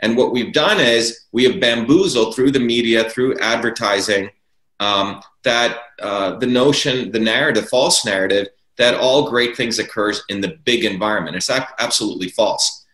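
Guy pushing his point hard in an interview, hammers the same words, mid pitch, echoey room. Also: moderate pace, fairly bright tone. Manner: emphatic, repeats key words for stress. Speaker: interview guest. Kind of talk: political argument in an interview. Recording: roomy echo.

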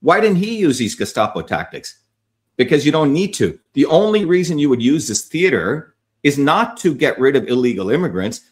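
A middle-aged man ranting angrily at his viewers, swearing and insulting commenters by name. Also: medium pitch. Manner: profane, shouting insults at commenters. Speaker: online commentator. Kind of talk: angry rant to viewers.

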